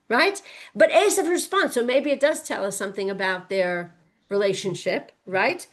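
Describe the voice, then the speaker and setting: A woman's voice: mid-range voice, lively intonation, moderate pace. A woman teaching a text-study class who keeps asking her students questions and answering them as she goes through the verses. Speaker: Torah teacher.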